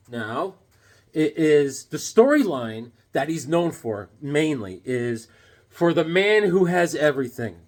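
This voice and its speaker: A man chatting casually as he unboxes comics, excitable and gushing, cracking jokes as he goes. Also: on the high side. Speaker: comic collector vlogger.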